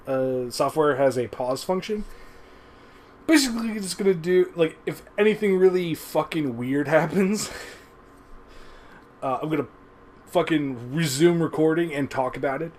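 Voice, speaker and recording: A man's voice: on the high side, a little slow, long pauses, a little mellow, a little hiss or hum. A man giving a casual, rambling review of an old TV episode into a webcam, swearing often and chuckling as he goes. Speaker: show reviewer. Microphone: webcam recording.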